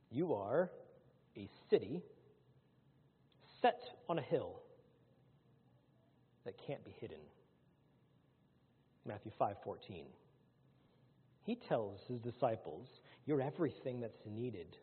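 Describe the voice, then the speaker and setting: A man preaching a sermon to his congregation, swinging between loud, rising lines and hushed ones. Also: on the low side, very animated, slow pace, long pauses, slightly rough. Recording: phone-like sound in a large hall.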